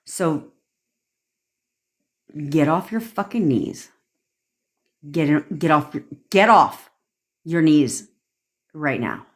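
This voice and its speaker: A woman's voice: low voice, sing-song, slow pace, long pauses. A young woman coaching on manifestation in a livestream rant, blunt and profane, acting out pleading and smug inner voices.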